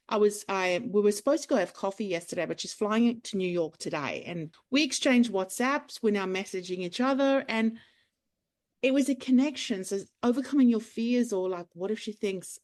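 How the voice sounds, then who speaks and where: A woman, a clinic owner talking as a podcast guest, animated, acting out the voices in her stories. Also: mid-range voice, moderate pace. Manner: animated storyteller, acts out quotes. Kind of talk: casual interview chat.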